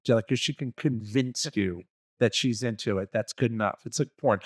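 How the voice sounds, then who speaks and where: A man's voice: medium pitch, moderate pace, slightly rough, dry recording, studio quality. A man co-hosting a relationship coaching podcast, giving blunt, profane advice in a casual way and acting out little scenes. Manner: blunt and profane, acts out quoted dialogue.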